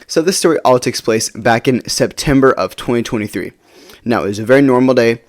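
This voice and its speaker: A man's voice: mid-range voice, a little fast. A teenage boy telling a personal story in a casual, rambling way, swearing freely and restarting his sentences. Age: teens.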